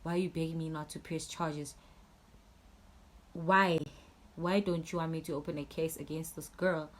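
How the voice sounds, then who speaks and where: Give me a young Swazi woman with a deep voice, telling an angry storytime vlog. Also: brisk. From Eswatini. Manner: angry, animated, swears a lot, switches into siSwati. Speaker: YouTuber.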